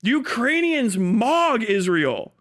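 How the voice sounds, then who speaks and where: Profane ranting man, high voice. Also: big pitch swings, slow, a bit bright. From United States. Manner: heated, profane, mocking, breaks into laughs. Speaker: livestream host. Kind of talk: profane livestream rant.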